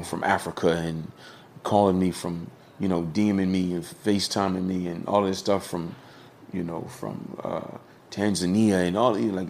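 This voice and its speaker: Podcast guest, middle-aged man, low voice, loose slangy storyteller. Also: darkish tone, slight background noise. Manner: candid, storytelling, peppered with slang and cussing. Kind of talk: casual podcast conversation.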